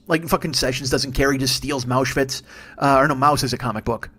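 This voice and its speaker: A male comedian in his forties delivers a furious, profanity-laced rant, riffing freely from one jab to the next. His speaking voice sits slightly higher than most men's. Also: fairly quick, a bit bright. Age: 40s. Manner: angry, sweary, riffing. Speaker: comedian podcast host.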